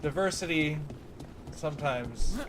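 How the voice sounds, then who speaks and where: A man's voice: a little high, slow. A man chatting casually while he plays a game on a livestream, rambling with lots of fillers. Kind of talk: casual gameplay commentary. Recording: loud background noise.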